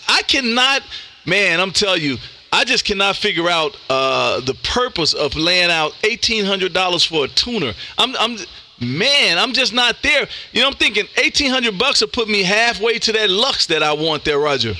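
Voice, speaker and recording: Ham radio host, man, high and very bright voice, upbeat and chatty. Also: expressive, normal speed. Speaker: ham radio operator and live-stream host. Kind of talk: casual on-air radio chat.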